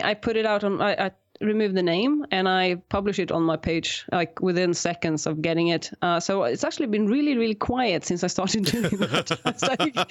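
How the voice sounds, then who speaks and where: A woman being interviewed about her work, talking casually with frequent laughs and restarts. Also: medium pitch. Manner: laughs often, many restarts and fillers. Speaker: guest, science communicator. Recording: slightly dull lo-fi audio.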